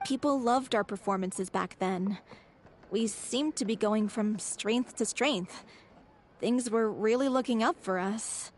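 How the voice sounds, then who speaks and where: Actress as a heartfelt, somewhat high-voiced troupe player. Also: female voice, a little slow, a little mellow, slight background noise, close to an everyday voice. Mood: wistful. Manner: earnest and heartfelt. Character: earnest young actress of a grieving troupe. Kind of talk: video game voice acting.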